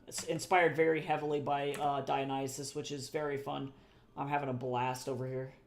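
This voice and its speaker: During a live drawing stream, an artist talks in a loose, rambling way, frequently restarting sentences, repeating phrases, dropping occasional swear words, and laughing at their own humor. Their medium-pitched voice stays level at a normal speed, and there's a slight hiss or hum.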